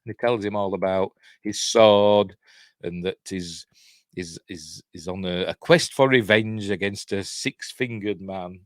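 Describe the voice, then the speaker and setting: A man's voice: deep voice, measured pace, no echo, studio quality. A man giving a rambling, sardonic casual film commentary, chuckling often as he walks through a movie. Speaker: film reviewer.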